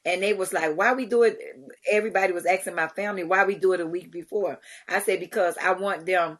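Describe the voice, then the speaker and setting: Animated middle-aged woman telling stories. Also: on the low side, fast. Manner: animated storyteller, acts out quotes, laughs often. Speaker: guest, community charity founder. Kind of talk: storytelling in a podcast interview.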